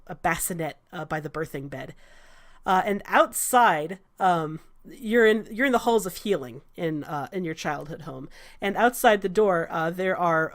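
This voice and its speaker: A woman narrating a tabletop game as game master, halting with frequent fillers. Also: lowish voice. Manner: hesitant, many fillers.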